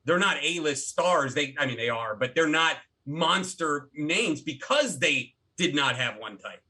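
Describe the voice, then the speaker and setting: A middle-aged actor and filmmaker telling stories as a podcast guest, animated and full of restarts. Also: male voice, on the high side, a little slow, slightly rough. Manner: animated storyteller with many restarts. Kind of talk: casual interview talk.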